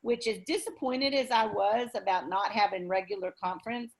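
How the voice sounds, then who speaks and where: A woman's voice: medium pitch, moderate pace. A woman with a Texan accent, leading a group video call in a folksy, chatty way.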